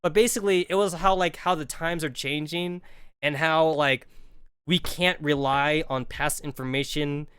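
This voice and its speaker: A man's voice: a little high, steady tone, moderate pace, fairly bright tone, smooth, no room sound, studio quality. A man in his thirties telling a rambling, profane story on a game stream, full of "like" and acted-out quotes. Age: 30s.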